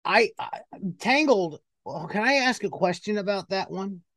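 A man's voice: sits high, expressive, moderate pace, a bit bright, no room sound, clean studio sound. A man hosting an interview podcast, enthusiastic and prone to stammered restarts. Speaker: podcast host. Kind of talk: casual interview chat.

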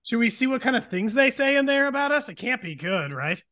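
Lively high-voiced man, laughing co-host. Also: a little fast. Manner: laughing, self-deprecating, lively. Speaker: departing podcast co-host. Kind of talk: casual banter.

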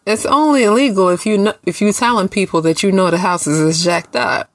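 A woman's voice: medium pitch, a little fast, dry recording. A woman co-hosting a podcast, talking bluntly in casual slang with some cussing and joking. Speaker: podcast co-host. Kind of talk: casual chat.

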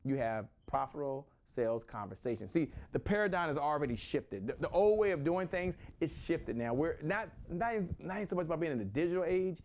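A man from Washington, D.C. in his forties, hosting a motivational sales talk with an energetic, repetitive delivery. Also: fairly high pitch, fairly quick, hardly any pauses. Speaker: host, sales coach.

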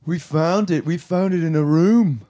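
A man's voice: a little high, normal speed, mellow, natural voice. A man playing a hotel worker who stays in pirate character, telling tall tales with a straight face in an improvised comedy podcast. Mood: deadpan.

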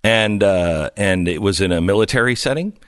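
A man hosting a radio talk show in casual chat, animated and quick with quips. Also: fairly low pitch, dry recording, clean studio sound. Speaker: radio host.

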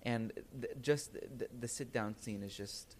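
A man's voice: fairly low pitch, moderate pace, slight background noise. A man co-hosting an interview, talking eagerly and tripping over his starts. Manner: enthusiastic, stumbles over starts. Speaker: podcast co-host. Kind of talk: casual interview chat.

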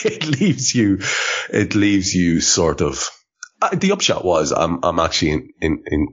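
Male podcast host, deep voice, rambling filler-heavy chat, dull lo-fi sound. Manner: rambling, full of fillers and swearing.

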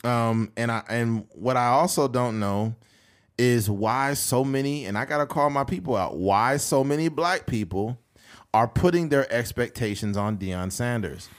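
A man from California hosting a podcast, telling stories in a profane, animated way. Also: medium pitch, measured pace. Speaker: podcast host. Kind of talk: casual podcast chat.

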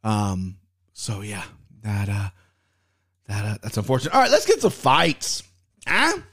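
A young man hosting a podcast, telling a story in casual, profane chat with sudden loud outbursts. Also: on the low side, wildly swooping pitch, measured pace, husky. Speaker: podcast host.

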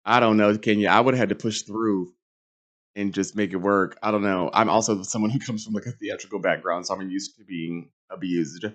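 A young adult man hosting a reality TV recap, talking in a sassy, campy, animated way with big swings in pitch. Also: moderate pace. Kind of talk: casual recap monologue.

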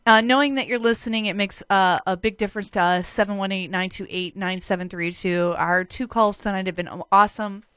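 A woman hosting a community radio show in a studio, chatting loosely with guests, swearing freely and filling pauses with "uh". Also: medium pitch, steady tone, a bit bright, smooth, no room sound. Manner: swears freely, many "uh" fillers, loose and joking. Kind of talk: casual on-air banter. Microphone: studio microphone.

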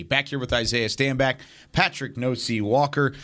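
A man's voice: mid-range voice, moderate pace, few pauses. A man hosting a sports talk radio show, chatting loosely and taking calls, with frequent restarts. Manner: relaxed, rambling with restarts.

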